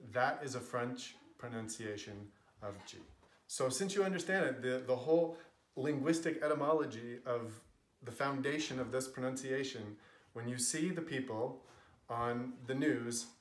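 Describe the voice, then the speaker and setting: Give me a man explaining pronunciation firmly, recorded in a roomy, echoey space. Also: medium pitch. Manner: emphatic, opinionated, drawn-out example words. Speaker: pronunciation teacher. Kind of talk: casual explainer video.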